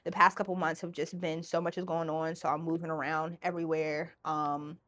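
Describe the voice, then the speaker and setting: A woman hosting her own podcast in a casual solo monologue, animated and profane, often acting out other voices. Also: low voice, a little fast. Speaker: podcast host.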